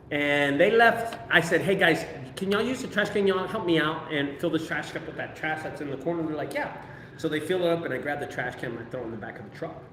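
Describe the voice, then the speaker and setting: A man telling a casual, profane, animated story about his junk removal business. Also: fairly high pitch, a little hiss or hum. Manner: animated, profane, acts out quoted voices. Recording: echoey room, far from mic.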